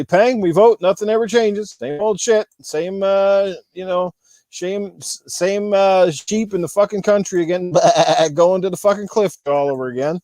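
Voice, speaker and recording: A man's voice: high voice, darkish tone, dry recording. A middle-aged man from Canada hosting a casual gaming podcast, rambling and swearing freely. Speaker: podcast host.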